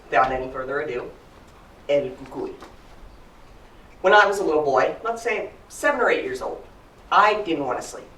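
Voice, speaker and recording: A man telling a story live with an animated, playful delivery and a voice that rises and falls freely. He sounds distant from the mic in a roomy hall with faint background noise. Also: fairly high pitch, normal speed, pauses often.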